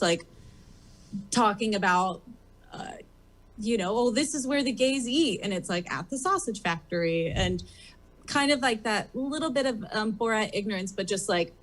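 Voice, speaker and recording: A guest drag performer chats casually on a comedy theater stage during a talk show interview. Her voice sits in the mid-range with a fairly bright tone, and she rambles, filling her talk with "like" and "um."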